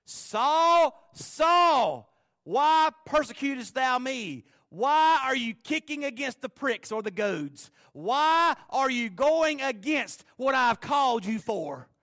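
A man's voice: very high-pitched, sing-song, takes it slowly, pushed and bright, dry recording, studio quality, voice pushed up, heavily acted. A man preaching and voicing Jesus as a solemn, commanding male voice calling from heaven. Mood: booming.

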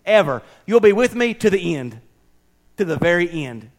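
A man preaching a sermon, folksy and conversational, swinging between loud preaching and soft, near-whispered asides. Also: high-pitched, very animated, normal speed. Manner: folksy, conversational, with slips and restarts. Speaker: pastor.

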